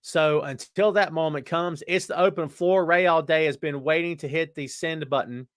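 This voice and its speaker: A man's voice: on the high side, fairly even intonation, moderate pace, no room sound, clean studio sound. A man hosting a casual live show, chatting and joking as he reads viewer comments aloud. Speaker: podcast host. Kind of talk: casual live-stream chat.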